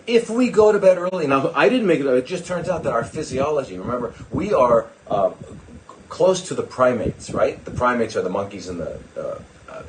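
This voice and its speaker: Rambling sarcastic older man, noisy stream. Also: mid-range voice. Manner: digressive and sarcastic, mocking asides to viewers. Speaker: doctor hosting a live stream. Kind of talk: rambling live-stream talk.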